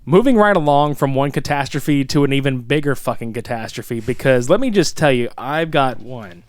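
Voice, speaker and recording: A man co-hosting a podcast in casual chat, profane and animated, laughing often. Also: mid-range voice, normal speed, no room sound. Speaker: podcast co-host.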